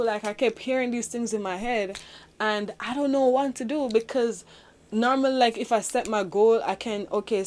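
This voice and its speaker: A woman's voice: mid-range voice, a little mellow. Earnest woman sharing her faith story. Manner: earnest, confiding, many fillers. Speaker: vlogger. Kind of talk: personal faith vlog.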